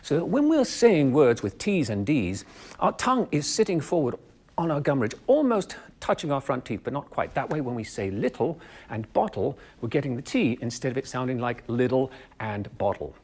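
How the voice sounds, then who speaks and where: A man with a Canadian accent, a drama professor giving a clear, measured video lesson that explains and demonstrates speech sounds. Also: mid-range voice, very animated, a little mellow. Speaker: drama professor teaching voice and dialects.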